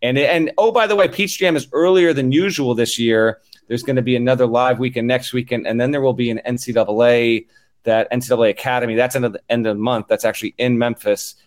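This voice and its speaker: A man's voice: mid-range voice, fast talker. Man rambling through a tournament recap. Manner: loose, rambling recap with fillers. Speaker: podcast host. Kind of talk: casual chat. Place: live at a basketball tournament.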